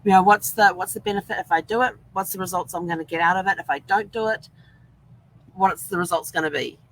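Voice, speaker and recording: A woman's voice: lowish voice, quick pace, a bit bright, a little hiss or hum, low-quality recording. A woman from New Zealand with a New Zealand accent, hosting a casual live-stream chat from inside an RV. She is upbeat and rambling, and she acts out the things she once said. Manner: upbeat, rambling, acts out her own past words. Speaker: vlog host.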